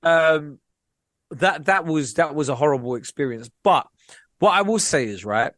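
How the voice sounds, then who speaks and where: A man's voice: fairly high pitch, normal speed, no echo. A young man, a comedian and podcast co-host, telling stories in casual chat, full of slang and repeated words. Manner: animated storytelling with slang and repetition.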